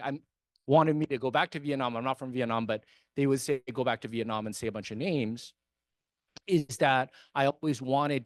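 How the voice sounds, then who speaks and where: In a meeting hall, an immigrant to America who serves on the city council speaks earnestly and emphatically, driving his points home through repetition. His voice is medium in pitch, with no room sound.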